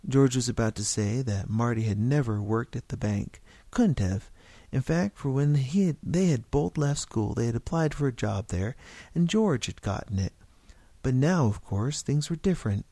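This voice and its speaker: Gravelly man reading a story aloud. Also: fairly low pitch, dark tone, dry recording. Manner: halting reading with slips and restarts. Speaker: narrator.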